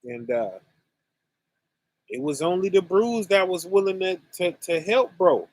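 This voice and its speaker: A man hosting a religious online conference, teaching scripture casually and speaking slowly and deliberately to his chat viewers, often asking "right?". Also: high voice, lively intonation, no room sound. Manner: slow and deliberate, addressing chat viewers directly; conversational, with frequent "right?" and "you know".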